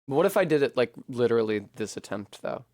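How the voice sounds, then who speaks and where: A man's voice: mid-range voice, animated, brisk, a little mellow, no room sound, studio quality. A man rambling casually and poking fun at himself while streaming a video game, swearing now and then. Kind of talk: casual commentary while playing.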